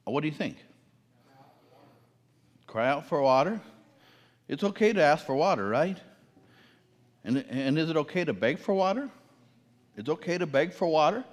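A man with a high voice delivers a sermon. He asks his listeners questions and repeats phrases for emphasis. His voice rings out with a long reverb in a large hall. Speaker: preacher.

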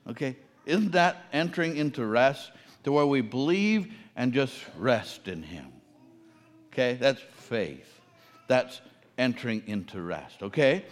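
A man with a high voice delivers a sermon. He asks his listeners questions and repeats phrases for emphasis. His voice rings out with a long reverb in a large hall. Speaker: preacher.

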